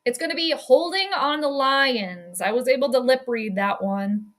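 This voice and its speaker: A woman's voice: high-pitched, moderate pace. A woman giving casual live play-by-play commentary on a stream, chatty and laughing often as she reads out her chat. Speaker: sports streamer doing live game commentary.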